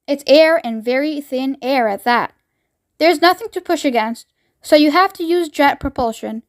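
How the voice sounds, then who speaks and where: A woman voicing an eccentric male chocolate-maker who gives brisk, fussy commands in a storybook reading. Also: sits high, lightly acted. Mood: commanding. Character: eccentric man chocolate-maker, bossy pilot.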